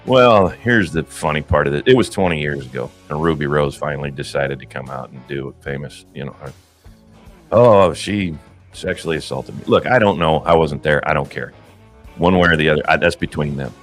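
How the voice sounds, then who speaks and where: A very deep, gravel-low male voice talks through casual commentary. He is blunt and profane and often breaks into short laughs. Faint guitar music plays under him. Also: brisk, fairly bright tone. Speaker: commentary host.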